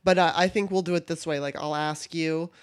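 A man's voice: fairly high pitch, fairly even intonation, a little fast, smooth. A man co-hosting a podcast, laughing often and asking questions with hesitant restarts. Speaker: podcast co-host. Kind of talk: casual chat.

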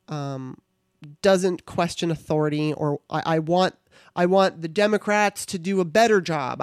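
A woman's voice: sits low, dry recording, studio quality. A woman hosting her own podcast, talking casually in a chatty, irreverent way and swearing now and then. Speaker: podcast host. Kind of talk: casual monologue.

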